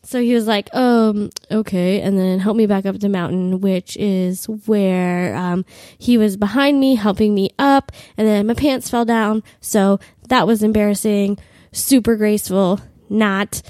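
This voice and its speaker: A woman's voice: mid-range voice, fairly even intonation, unhurried, mellow, no echo. A young woman in her twenties with a cold, crudely and self-mockingly telling a comic travel story with lots of "like.". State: has a cold. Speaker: podcast host.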